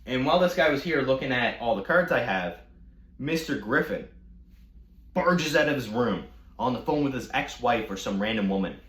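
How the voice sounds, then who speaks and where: A man rants through a story in a casual, mocking way, swearing freely and jumping around in pitch. His mid-pitched voice bounces off the walls of an echoey room. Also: normal speed. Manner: animated, profane, mocking. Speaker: storytime vlogger.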